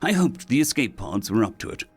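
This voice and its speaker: A man's voice: medium pitch, big pitch swings, a little fast, husky, soft background music. A man reading sci-fi short stories aloud as scripted narration.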